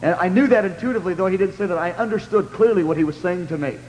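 A man preaching a sermon testimony, telling his story in an animated, repetitive way. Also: high voice, rapid-fire, slight background noise. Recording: long hall reverb, faint ambience.

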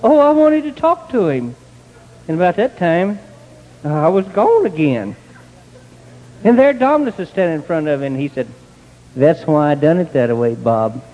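An older man telling his own story in a plain, folksy way, with bursts of excitement. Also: fairly high pitch, normal speed, long pauses, dull audio. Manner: plain country speech, rising to excited outbursts. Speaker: testimony speaker. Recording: long hall reverb.

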